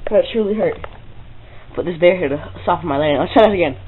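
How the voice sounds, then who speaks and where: A man rambling excitedly to his viewers in a casual vlog from his bedroom, on the camera's own mic. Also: high-pitched, quick pace, noisy background. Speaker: vlogger. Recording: slightly dull, lo-fi camera audio.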